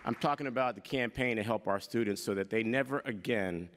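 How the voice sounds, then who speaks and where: A man's voice: fairly low pitch, brisk. Man rallying a conference crowd. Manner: energetic, rallying, mixes in Spanish greetings. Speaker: political candidate. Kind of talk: speech to a conference audience. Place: large conference hall.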